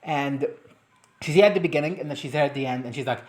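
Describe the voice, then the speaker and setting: Low-pitched woman doing a loose movie rant, swears a lot, drops into little character voices. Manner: animated, swearing, mimics characters in quick asides. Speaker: movie reviewer. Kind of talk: casual reaction chat.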